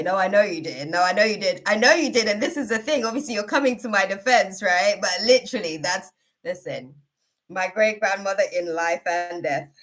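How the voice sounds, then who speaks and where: A woman's voice: on the low side, a bit bright. A woman hosting a live tarot reading, chatting casually and laughing often as she talks. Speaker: tarot reader, live-stream host.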